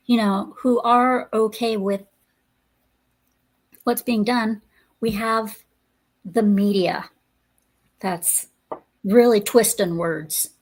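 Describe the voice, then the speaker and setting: A woman hosting a podcast in casual chat, ranting bluntly with swearing and many fillers. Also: medium pitch. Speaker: podcast host.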